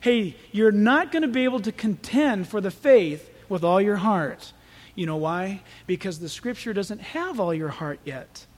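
A man preaching a sermon as pastor, telling stories in an animated way. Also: high voice, a little slow. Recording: echoey hall with long reverb.

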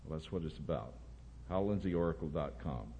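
A man preaching a sermon, emphatic and rising to loud bursts. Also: a bass voice, animated, fairly quick, dull audio.

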